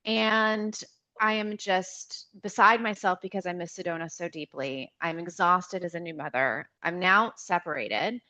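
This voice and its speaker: A woman's voice: lowish voice, unhurried. Woman telling her story with emotion. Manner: animated, emotional, with many restarts. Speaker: podcast guest. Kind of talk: personal storytelling in a conversational interview.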